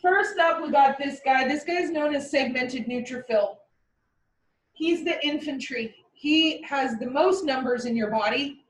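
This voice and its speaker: A woman teaching a class in a playful way, with vivid comparisons and quick mock voices, recorded from across the room. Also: high voice, far from the mic, a little hiss or hum. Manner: playful, uses military metaphors and mock voices. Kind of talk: classroom lecture. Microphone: far from the mic. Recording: echoey classroom recorded from afar.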